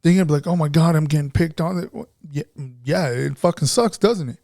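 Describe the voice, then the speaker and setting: A man's voice: on the high side, quick pace, mellow, no echo, clean studio sound. A man co-hosting a podcast, talking in a blunt, frustrated way and swearing heavily in casual chat. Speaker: podcast co-host.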